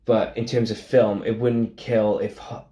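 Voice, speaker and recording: A man's voice: fairly low pitch, level tone, a little slow, dark tone. A young man from Merthyr with a Welsh accent, co-hosting a podcast in casual, rambling chat with blunt opinions and frequent restarts. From Wales. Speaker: podcast co-host. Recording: roomy echo.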